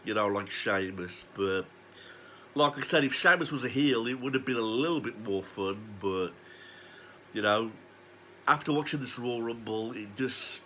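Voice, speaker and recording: A man's voice: on the low side, moderate pace, bright, forceful tone, a little hiss or hum. A man, ranting sarcastically and swearing as he reviews a wrestling show. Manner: foul-mouthed, sarcastic ranting.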